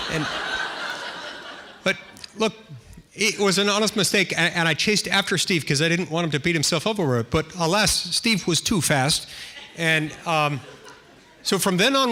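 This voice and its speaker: A man's voice: high voice, animated, moderate pace, pushed and bright. A middle-aged American man, a senator, telling a self-deprecating anecdote in a speech, with dry humor and frequent restarts. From United States.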